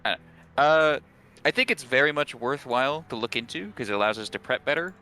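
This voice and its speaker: A man's voice: mid-range voice, lively intonation, fairly quick, sharp tone. A man playing a tabletop game, thinking aloud and weighing options with restarts. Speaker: player. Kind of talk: casual tabletop game chat.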